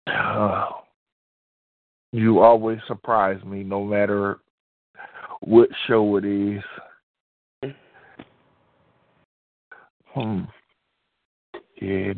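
A man's voice: on the low side, vocal fry. A man chatting casually and hesitantly, reacting to a poem on a call. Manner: slow, hesitant, with fillers. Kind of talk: casual chat. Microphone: video call. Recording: tinny phone-like call line.

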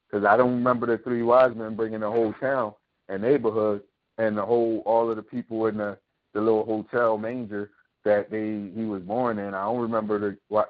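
Tinny-sounding man ranting on a talk show. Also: fairly low pitch. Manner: impassioned, preachy ranting with profanity; sarcastic rhetorical questions. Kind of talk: opinionated monologue.

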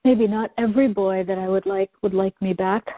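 Through a dry, close, phone-like line, a woman of middle pitch echoes phrases in a soft, reflective manner during a guided tapping session where she is the client. She keeps a steady tone and talks a little fast.

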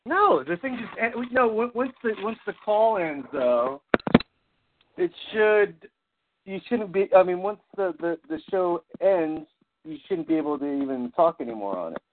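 A man's voice: sits high, expressive, unhurried. Sarcastic man on a noisy phone line. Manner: blunt, swearing, sarcastic quips. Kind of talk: casual chat. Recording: tinny phone line with noise.

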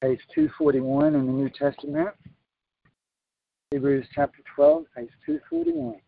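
Gravelly preacher on a tinny line. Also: male voice, wildly swooping pitch, no room sound. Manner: slow deliberate preaching with sudden high emphatic jumps. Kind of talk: sermon with sign language interpretation. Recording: tinny phone-like broadcast line.

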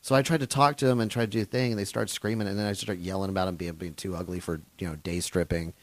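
Male stand-up, lowish pitch, profane and rambling, dry hotel-room interview. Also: steady tone, fast, no echo. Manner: rambling, profane, lots of fillers and restarts. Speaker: touring comedian guest. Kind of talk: casual storytelling in an interview.

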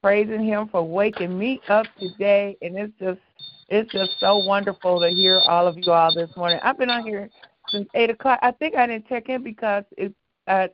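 A woman calling in to a prayer line, speaking in a warm, churchy way and repeating herself. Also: medium pitch, steady tone, moderate pace, background noise. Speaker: caller. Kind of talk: casual call-in prayer testimony. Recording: dry muffled phone line.

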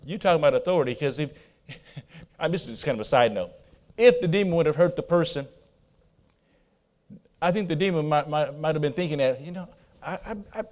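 A man preaching a sermon, swinging between loud emphatic declarations and quiet asides to the congregation. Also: a little high, expressive, fairly quick, pauses often, muffled recording. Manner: laughs at himself, talks to the congregation. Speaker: pastor.

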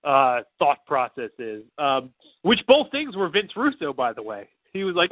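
A man's voice: fairly high pitch, sing-song, measured pace, dry recording. A man co-hosting a podcast, rambling casually with lots of fillers and profanity. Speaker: podcast co-host. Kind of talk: casual chat. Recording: tinny phone-like line, dry.

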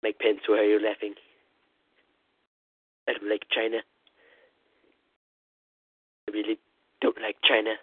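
A man doing a comic impression of a rambling, boastful male president, calling in over a phone line with a husky voice. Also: on the low side, level tone, moderate pace, no echo. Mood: blustering. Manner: rambling, repetitive "listen", boastful bluster. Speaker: comedy caller. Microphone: phone call-in. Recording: tinny phone line, dry.

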